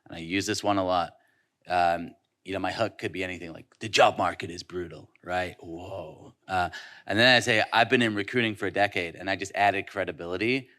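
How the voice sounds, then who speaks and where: Man, very deep voice, casual panel talk, lots of fillers and restarts. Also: a bit bright. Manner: conversational, quick hooks, many fillers and restarts. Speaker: conference panelist. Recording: live conference session.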